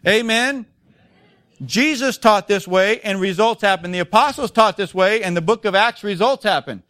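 A male pastor preaching a sermon in church, emphatic and full of rhetorical questions, swinging between loud and soft. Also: sits high, normal speed, dry recording, clean studio sound.

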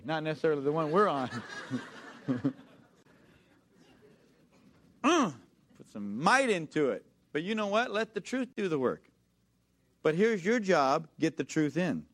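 A man preaching a sermon, repeating key phrases, reading scripture slowly and calling on the congregation to answer back. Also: high voice, a bit bright. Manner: calls for congregation responses.

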